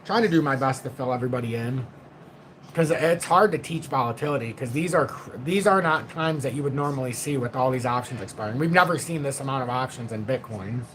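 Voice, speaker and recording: A middle-aged man hosting a casual livestream from home, reading viewer comments in a deliberately low, calm voice. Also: slight background noise, rough recording. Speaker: livestream host.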